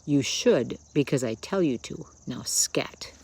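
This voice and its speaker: A woman's voice: low voice, lively intonation, moderate pace. A woman voicing a worried, proper mother in a storybook reading, earnest and fretful. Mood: stern.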